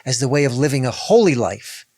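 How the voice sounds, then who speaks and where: A man's voice: medium pitch, lively intonation, fairly quick, darkish tone, no echo, clean studio sound. A man, a rabbi, in a podcast discussion, speaking emphatically, repeating key phrases and reading scripture aloud.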